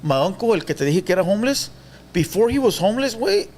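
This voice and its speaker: Animated man telling a story. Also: high voice, quick pace. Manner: animated storyteller, mixes Spanish slang, acts out quotes. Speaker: podcast guest telling a story. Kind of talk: casual storytelling.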